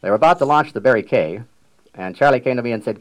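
An older man, a riverboat captain, reminiscing in a measured storytelling manner with dry humor and frequent throat clearing. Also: mid-range voice, lively intonation, rough recording. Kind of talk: reminiscing public talk.

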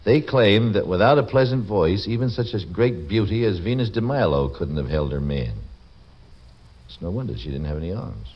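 A man's voice: deep voice, animated, moderate pace. A man hosting a radio show, joking wryly and reading letters and ads in folksy patter. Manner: wry, folksy, teasing. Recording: dull old radio broadcast, faint hiss.

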